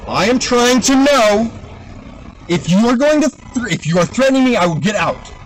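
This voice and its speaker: A man arguing with police from inside his car at a roadside stop, repeating himself, swearing and getting louder. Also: very high-pitched, lively intonation, moderate pace, a little hiss or hum, low-quality recording. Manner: argumentative, repetitive, profane. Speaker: driver at a traffic stop.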